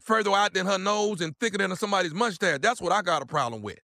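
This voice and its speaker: A man calling a salon to complain loudly and bluster with threats. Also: sits high, fast, creaky, background noise. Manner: loud, blustering, drawling slang. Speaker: angry caller. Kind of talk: prank call comedy.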